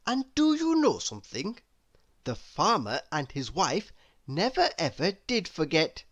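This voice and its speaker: Slow, sing-song storybook reader, man. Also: on the high side, wildly swooping pitch. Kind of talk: children's read-aloud.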